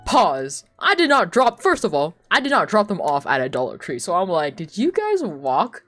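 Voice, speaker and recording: A young woman streamer telling casual stories, animated and laughing often, with lots of "like.". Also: on the low side, normal speed, soft background music. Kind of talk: casual storytelling chat.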